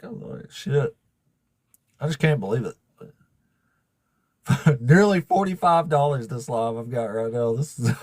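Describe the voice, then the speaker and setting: Choked-up raspy man on a livestream. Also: medium pitch, no room sound, clean studio sound. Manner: overwhelmed, laughing, swearing, thanking viewers. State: emotional, fighting back tears. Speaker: livestream host. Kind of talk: casual livestream chat.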